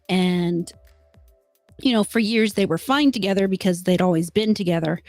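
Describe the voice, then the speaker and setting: A woman's voice: lowish voice, darkish tone, no room sound. A woman co-hosting a casual talk show, telling a personal story candidly and getting emotional at times. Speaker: co-host. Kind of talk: casual chat.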